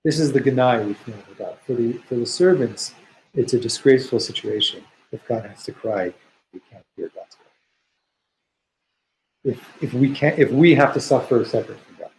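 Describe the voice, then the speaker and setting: A man's voice: medium pitch, normal speed, darkish tone, slight background noise, low-quality recording. A man teaching a study session. He reads Hebrew passages aloud and explains them in an earnest, searching way, often restarting his phrases. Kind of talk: text study lesson.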